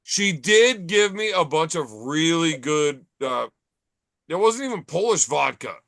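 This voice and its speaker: A man's voice: a little high, lively intonation, a little slow, gravelly, a bit bright, no echo. A man hosting a casual bar chat podcast, telling profane, rambling stories. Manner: profane, storytelling. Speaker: podcast host.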